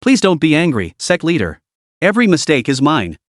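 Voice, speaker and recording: A man's voice: a little high, huge pitch swings, a little fast, dry recording, studio quality. A man voicing a timid, deferential female disciple who speaks in a meek, pleading way.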